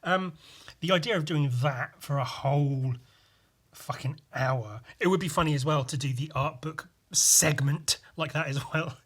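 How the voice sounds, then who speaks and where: A man's voice: a little high, unhurried, a bit bright, slightly rough. A young man hosting a solo podcast, rambling in a meandering way with lots of swearing. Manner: meandering, full of fillers and swearing. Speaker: podcast host.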